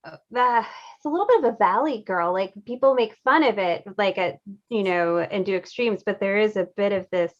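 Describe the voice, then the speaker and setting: A woman chatting casually on a panel, teasing and laughing as she talks. Her audio is a little dull and lo-fi, and her pitch sits in a plain middle range. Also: fairly quick, hardly any pauses. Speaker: illustrator panelist.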